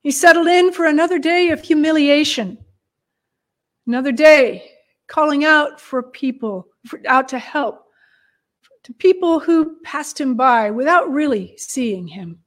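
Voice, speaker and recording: A woman telling a Bible story dramatically, with hushed moments and long pauses. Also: sits high, lively intonation.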